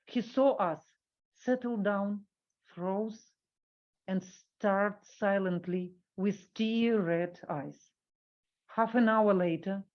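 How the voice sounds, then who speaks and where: A woman giving a workshop talk, reading an academic paper from a script and halting with fillers when she speaks off the cuff. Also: mid-range voice, lo-fi sound.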